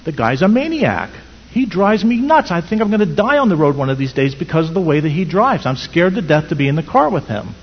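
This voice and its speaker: A man's voice: fairly high pitch, sing-song, brisk, slightly rough, voice pushed up, full character voice. A preacher acting out an exasperated wife who mocks her husband's driving. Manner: exasperated, mocking. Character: exasperated wife of a reckless driver. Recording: dull sound in echoey hall.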